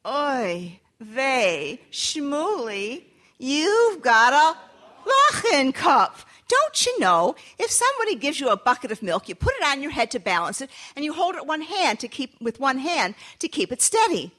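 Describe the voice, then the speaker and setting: A woman doing a shrill exasperated mother. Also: huge pitch swings, moderate pace, pauses often. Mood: scolding. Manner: scolding, exclaiming. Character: exasperated doting mother of a poor boy.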